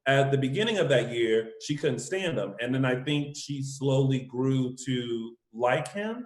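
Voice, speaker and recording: A man co-hosting a casual recap podcast from home, animated and acting out the characters' lines as he talks. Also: medium pitch, a little slow, reverberant. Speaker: podcast co-host. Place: room at home.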